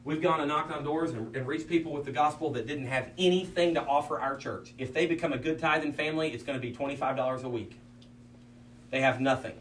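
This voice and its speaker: A man's voice: fairly high pitch, fast, fairly bright tone. A man, a pastor, preaching in a folksy, anecdotal way with many asides. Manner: folksy storyteller, many "I mean" asides, acts out quotes. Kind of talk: anecdotal preaching to fellow ministers. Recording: roomy sound from a distance with faint hum.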